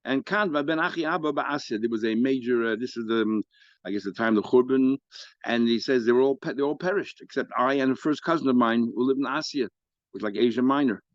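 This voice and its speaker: A male rabbi teaching a Talmud lesson at an even, ordinary pitch. He explains the text line by line and gets louder and higher as he reads the quoted passages. The sound is dry and a little dull. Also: fast, dry recording. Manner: explanatory, rises in pitch and volume when reading quoted Aramaic. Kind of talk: daily Talmud class. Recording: dry, slightly dull recording.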